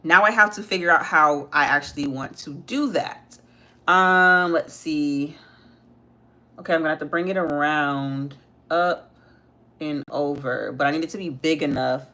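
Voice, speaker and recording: Her voice is low, pushed and bright, and she keeps a measured pace. This young woman runs a relaxed livestream, talking to her audience as she puts on makeup and speaking with her kid between tasks.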